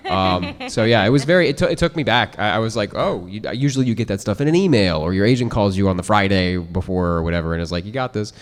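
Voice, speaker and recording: A young man tells a lively story on a convention stage, his voice sitting a little low. Long reverb from the hall trails behind each phrase. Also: quick pace, hardly any pauses. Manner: animated anecdote telling with impressions. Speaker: voice actor panelist.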